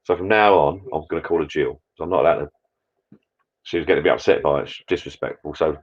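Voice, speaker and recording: A deep-voiced man talking quickly and rambling on in a friendly, matey way on a live stream. He chats casually to viewers from his garden bar shed. The audio sounds a little muffled and lo-fi. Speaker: vlogger hosting a live chat.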